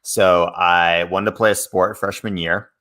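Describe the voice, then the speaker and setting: A man's voice: low voice, a little slow. A man in his thirties from Massachusetts, a guest author telling stories in a casual interview, acting out the voices he quotes. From Massachusetts, USA. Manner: animated storyteller, acts out quoted voices.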